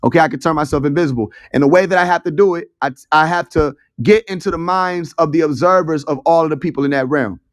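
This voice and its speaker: Young man, high voice, dry close sound, casual profane storytelling, audio room host. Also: fast, hardly any pauses, dry recording. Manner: loose, profane, chatty storytelling. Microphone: phone in an online audio room.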